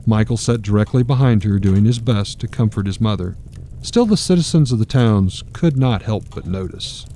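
A man narrating a dark story in a measured, grave manner. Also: fairly low pitch, expressive, slight background noise.

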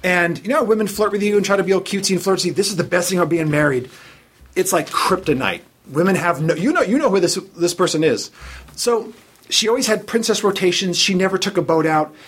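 A man with a husky, fairly high voice spins a casual story on a podcast. He is animated and lively, slipping into the voices of the people he quotes. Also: fast talker. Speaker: podcast guest.

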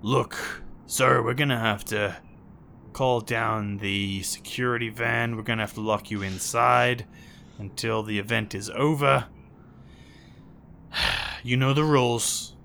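A man voicing a gruff, impatient male security guard in a tabletop game, loud and pushy. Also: mid-range voice, steady tone, slow, pauses often, a little hiss or hum, exaggerated voice. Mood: bossy.

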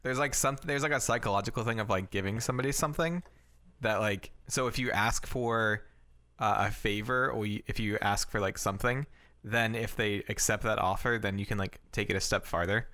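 Male podcast co-host, low and bright, rambling filler-heavy chatter. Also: a little fast. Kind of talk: casual chat.

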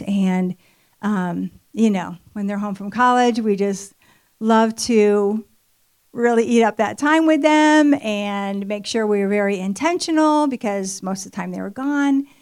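Her pace measured and her mid-range voice a bit mellow, a middle-aged woman shares a personal testimony at a church marriage ministry event. She tells it conversationally, chatty and heavy with fillers.

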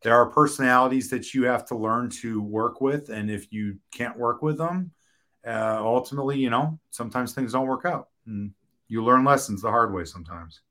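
Interviewed as a film director, a man with a bright, pushed mid-range voice talks frankly. He halts and restarts often and curses now and then.

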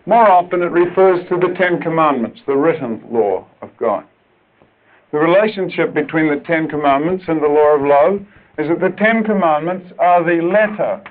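Forceful preacher on tinny old tape. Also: male voice, fairly high pitch. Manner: forceful, emphatic preaching, drops to quiet asides. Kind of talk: sermon to preachers.

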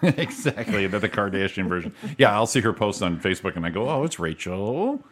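A man's voice: deep voice, fast talker, a bit bright. A man co-hosting a morning radio show, joking and laughing easily in casual banter.

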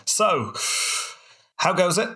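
A man doing a pompous, high-voiced politician. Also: sing-song, takes it slowly, sharp tone, slightly rough, heavily acted. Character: pompous, glad-handing male campaigning politician.

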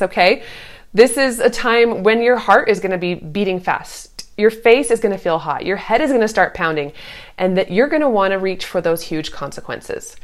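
A woman in her thirties, a parenting coach with a mid-range voice, gives casual parenting advice in an earnest, reassuring way. Now and then she puts on a sweet sing-song voice to act out what a parent might say.

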